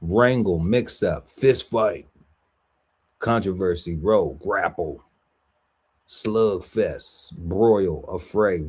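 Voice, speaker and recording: A man's voice: sits low, a little mellow, slightly rough. A man co-hosting a podcast, reading a long list of words aloud and playfully riffing on some of them. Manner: lists words slowly, riffs playfully on them. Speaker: podcast co-host. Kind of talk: reading out a word list with banter.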